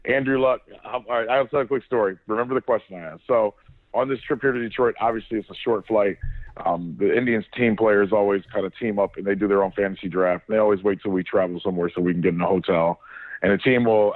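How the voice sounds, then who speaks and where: A man's voice: sits low, no echo. Man on a tinny phone line. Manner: animated storyteller, swears, frequent restarts. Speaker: podcast co-host. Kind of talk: casual sports chat.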